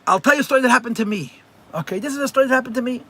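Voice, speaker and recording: A rabbi with a very high voice delivers rapid-fire speech during a live religious class. His storytelling is animated, and he repeats phrases often for emphasis.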